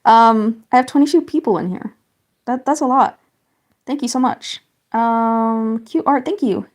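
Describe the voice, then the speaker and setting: Colouring on a live stream, a young woman chats casually, greeting viewers and reading their comments aloud with plenty of fillers. She speaks unhurriedly in a slightly high voice.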